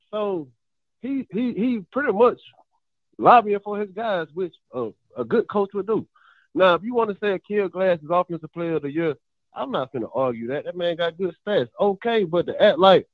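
A man's voice: high-pitched, lively intonation, moderate pace, dry recording. A man calling in to a sports show, arguing insistently and pushing to finish his point, heard over a tinny phone line. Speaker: caller. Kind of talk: heated sports debate on a call-in line.

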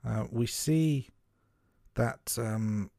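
A man's voice: mid-range voice, very slow, dry recording. Man chatting about films, dry sound. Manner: relaxed, thoughtful, many fillers and restarts. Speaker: film review podcast co-host. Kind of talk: casual film discussion.

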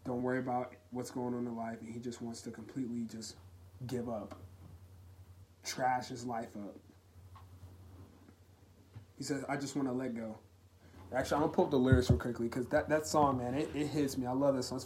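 A young man hosting his own podcast, talking earnestly and haltingly about personal struggles in a heartfelt, emotional way. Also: medium pitch, flat delivery, darkish tone, a little hiss or hum. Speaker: podcast host. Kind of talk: solo confessional podcast talk.

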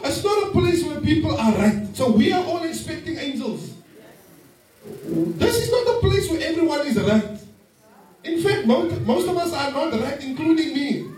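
A man with a very high voice preaches an animated sermon, laughing often and calling on the congregation to respond. He is heard from some distance in a church hall, with heavy echo around him. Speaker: pastor. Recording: very echoey hall from far off.

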